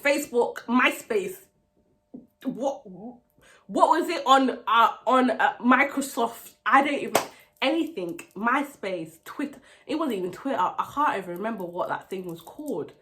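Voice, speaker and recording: A young woman telling a storytime vlog, acting out what people said with shouts and laughs. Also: a little high. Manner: animated storytelling, acts out quotes with shouts and laughs. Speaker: vlogger.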